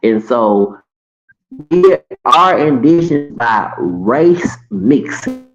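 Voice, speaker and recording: A man's voice: medium pitch, expressive, extremely slow, highs cut off. A man in his late forties ranting to his viewers in a heated, rambling monologue, swearing and restarting his sentences. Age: 40s. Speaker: vlogger.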